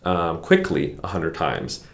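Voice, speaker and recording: A man, a clinical psychologist guest, explaining therapy ideas in a relaxed conversational way and often checking in with "right?". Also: low-pitched, slow. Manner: explanatory, frequent "right?" tag questions. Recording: roomy echo.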